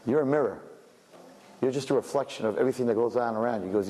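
A man in his fifties telling a story in a religious talk, swinging between quiet asides and loud emphatic bursts. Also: mid-range voice, quick pace. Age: 50s. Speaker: religious teacher. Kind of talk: storytelling lecture. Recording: echoey hall with faint background noise.

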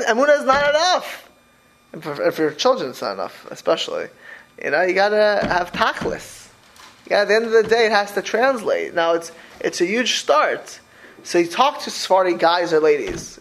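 A man's voice: sits high, creaky. A man giving an informal religious talk to a small group. He rambles with many restarts and mixes Hebrew and Yiddish terms into his speech. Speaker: religious teacher.

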